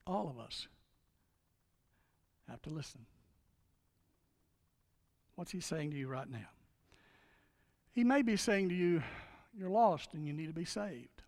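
High-voiced guy preaching, gets loud then drops real quiet, big echoey church hall. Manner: dynamic preaching, swings from shouts to hushed appeals. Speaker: pastor. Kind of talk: sermon.

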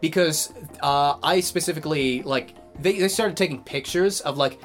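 A young man casually telling a story in conversation. He swears a lot and acts out quotes loudly. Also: fairly high pitch, normal speed, soft background music. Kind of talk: casual chat.

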